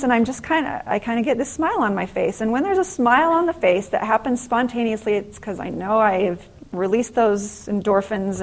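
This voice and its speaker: Speaking in a medium pitch, a middle-aged woman shares stories with an audience in an earnest, animated faith-based talk meant to inspire. The audio quality is poor.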